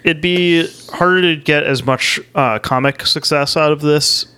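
A man's voice: fairly high pitch, a little slow, pushed and bright, smooth. A man co-hosting a podcast in casual chat, dropping dry, jokey asides. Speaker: podcast co-host.

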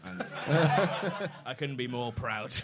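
A young man hosting a podcast, telling a story in casual comedic chat with swearing, constant laughter and quick asides. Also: mid-range voice, sing-song, heavy background noise. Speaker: podcast host.

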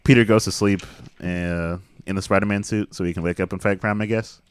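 Deep voiced guy recapping the plot, chill, dry close sound. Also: steady tone, fairly quick, clear, resonant tone, dry recording. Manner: laid-back plot summarizing, laughs often. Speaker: podcast co-host. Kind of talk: casual movie recap chat.

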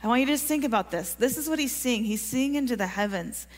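A woman delivers a sermon in an earnest, encouraging tone, her voice sitting a little high. She keeps turning to the congregation with questions. The sound carries the long reverb of a large church hall. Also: animated, fast. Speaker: preacher. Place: church sanctuary.

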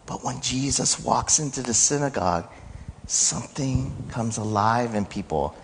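Slow-talking pastor in a reverberant church. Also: male voice, medium pitch, expressive, a little hiss or hum. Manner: conversational preaching, rising to shouts when quoting. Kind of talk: sermon. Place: church sanctuary.

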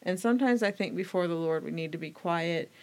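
A woman's voice: on the low side, a little fast, darkish tone. A woman co-hosting a faith podcast in casual chat, speaking reflectively and confessionally. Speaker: podcast co-host.

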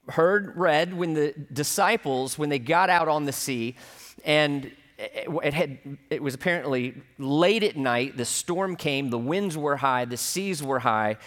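A man preaching a sermon in a church, telling a personal story in a relaxed, conversational way with dry humor. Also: medium pitch. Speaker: pastor. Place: church sanctuary. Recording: long hall reverb.

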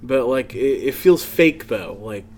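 A man's voice: medium pitch, lively intonation, unhurried, a little mellow. Easygoing, laughing podcast host, a man. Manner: laughs easily, casual, swears, restarts. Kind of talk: casual chat. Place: comedy club.

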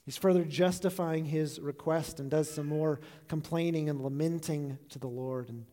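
A man preaching with an earnest, reflective tone, his voice sitting a little high for a man. He lets phrase endings fall soft and quiet. The sound carries a long echo from a large hall. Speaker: pastor. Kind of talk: sermon.

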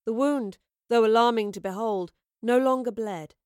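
A woman's voice: on the high side, clean tone, no echo. Woman narrating an audiobook, dry sound. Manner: measured, steady storytelling. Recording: dry close recording.

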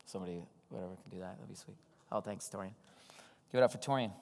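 A pastor with a low, gravelly voice preaches fast in a church hall, telling stories conversationally and asking the congregation questions during his sermon. The recording has heavy background noise and long hall reverb with soft keys.

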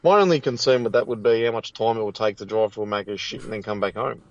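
A man's voice: lowish voice, fast, no echo, dull audio. A man with an Australian accent co-hosting a podcast, telling crude stories in casual banter. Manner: crude, jokey storyteller. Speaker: podcast co-host.

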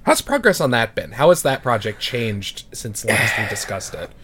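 A man's voice: mid-range voice, big pitch swings, moderate pace, fairly bright tone, slight background noise. A man co-hosting a casual podcast, teasing his guest and asking questions with a laugh. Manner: teasing, joking, laughing along. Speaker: podcast co-host.

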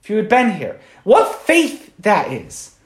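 A man's voice: high-pitched, huge pitch swings, unhurried, echoey room. A man, a Catholic priest, giving an informal Sunday homily in a conversational way, often checking in with "right?".

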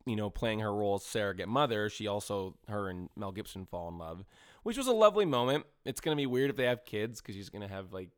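A man co-hosting a casual movie review podcast, rambling and animated, full of fillers and the odd swear. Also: on the low side, fast, clear, resonant tone, no echo, studio quality. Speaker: podcast co-host.

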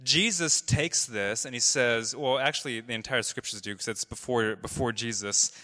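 Bright-voiced man preaching in a reverberant hall. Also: medium pitch, moderate pace. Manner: chatty, loose, many fillers and restarts. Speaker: pastor. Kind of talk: casual storytelling sermon. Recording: long reverb of a large hall.

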